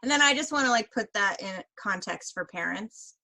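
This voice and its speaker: A woman's voice: medium pitch, animated, normal speed, creaky, pushed and bright, low-quality recording. A woman co-hosting a podcast, talking casually with many fillers and easy laughs. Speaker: podcast co-host. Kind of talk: casual chat.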